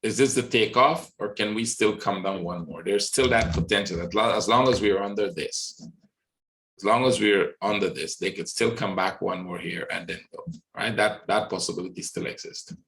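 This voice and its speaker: A man hosting a trading webinar, walking through charts live and thinking aloud, often checking in with a quick "right?". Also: fairly low pitch, fairly bright tone, echoey room, rough recording. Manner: thinks aloud, many "right?" tag questions. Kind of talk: live market analysis walkthrough.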